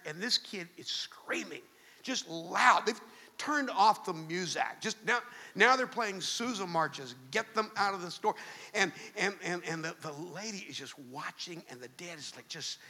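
A man's voice: high-pitched, lively intonation, a little slow, pushed and bright, breathy edge, in a large hall. A man preaching a sermon, telling a story with frequent restarts and repeated words. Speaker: pastor.

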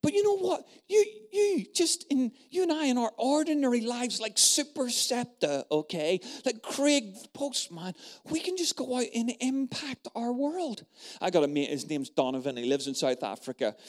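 Animated male preacher telling a story. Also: extremely high pitch, moderate pace. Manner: emphatic and animated, dropping to a hush in stories. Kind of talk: storytelling sermon to a congregation.

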